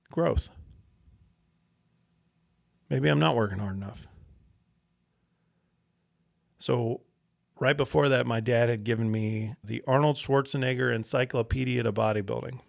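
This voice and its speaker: A podcast host telling a personal story, casual and animated, with steady swearing. His voice sits at an ordinary male pitch, and the sound is dry, close and free of echo. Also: gravelly.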